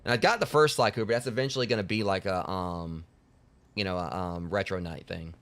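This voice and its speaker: A man's voice: low-pitched, brisk, fairly bright tone. A male live streamer chatting casually with his viewers in a rambling, joking way.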